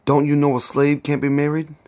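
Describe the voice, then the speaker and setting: A man's voice: on the high side, completely flat delivery, a little fast, darkish tone, voice pushed up, lightly acted. A man reading aloud as a desperate young husband who speaks mournfully and earnestly. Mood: bitter.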